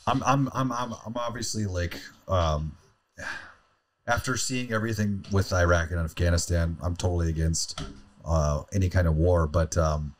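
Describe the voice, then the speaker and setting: A man's voice: deep voice, moderate pace. A man co-hosting a podcast, talking bluntly and casually, with stammering restarts. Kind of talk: casual chat.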